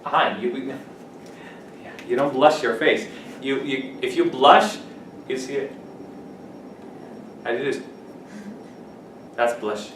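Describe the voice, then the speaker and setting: A male teacher with a mid-range voice takes his English class through vocabulary slowly, pausing often as he gives example sentences and asks his students questions. He's recorded from across an echoey classroom on a distant mic, with a soft room hum in the background.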